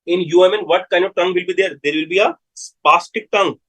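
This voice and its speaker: A man's voice: high-pitched, fast, a bit bright, low-quality recording. A man with an Indian English accent giving a live medical lecture, repeating key terms and putting questions to his students.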